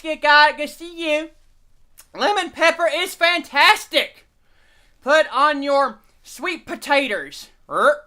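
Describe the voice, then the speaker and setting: A man's voice: very high-pitched, animated, slow, sharp tone. A man hosting a live stream, rambling and profane while he reads the chat and eats.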